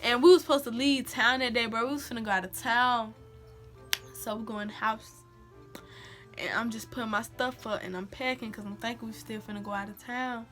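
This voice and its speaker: A woman's voice: on the high side, moderate pace, faint music behind. A young woman telling a personal story in a casual, slangy vlog, acting out quotes. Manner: animated, slangy, acts out quotes. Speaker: vlogger.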